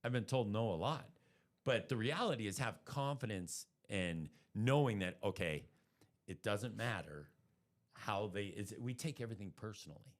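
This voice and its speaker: A man's voice: lowish voice, moderate pace. A man, a guest on a business podcast, telling stories and acting out his own thoughts as he talks. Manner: animated storyteller acting out his own inner voice. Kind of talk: storytelling interview talk.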